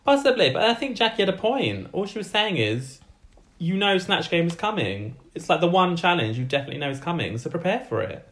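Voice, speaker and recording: A man co-hosting a podcast in casual chat, playful and quick with his remarks. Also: sits high, very animated, a bit bright. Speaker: podcast co-host.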